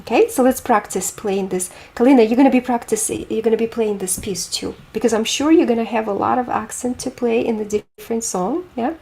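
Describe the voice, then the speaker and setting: A woman's voice: on the high side, brisk, few pauses, warm tone. A woman teaching a group piano lesson, explaining technique with images and asking students questions.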